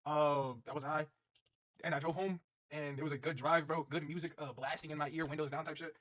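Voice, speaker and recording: A man's voice: on the high side, fairly even intonation, brisk, fairly bright tone. A young man streaming, telling a rambling, profane story in a casual way and repeating himself as he goes.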